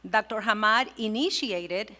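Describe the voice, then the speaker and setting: A woman's voice: medium pitch, a little slow, bright, forceful tone. A woman reading an award nomination at a ceremony in an upbeat, enthusiastic way. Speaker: nominator, alumna.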